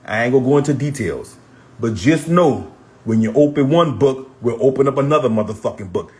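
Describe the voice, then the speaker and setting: Husky-voiced man in a heated rant. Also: mid-range voice, expressive, brisk, darkish tone. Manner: repetitive, blunt, profane. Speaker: social media personality.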